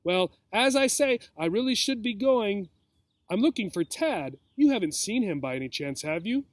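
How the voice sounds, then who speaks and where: A small, timid storybook gerbil girl who speaks politely and nervously, as a man reads her aloud. The voice sits fairly high, close and dry. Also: lively intonation, normal speed, dry recording.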